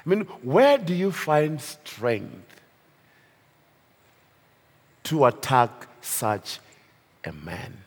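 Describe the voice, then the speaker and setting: A man's voice: mid-range voice, husky. A man preaching a sermon on a Bible passage, asking his listeners questions and laughing between lines. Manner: slow, lively preaching with laughs and rhetorical questions. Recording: reverberant hall.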